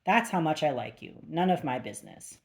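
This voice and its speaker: A woman's voice: low-pitched, lively intonation, brisk, darkish tone. A woman voicing a thuggish male crime boss with a foreign accent who speaks in a mocking, cold way, in an audiobook.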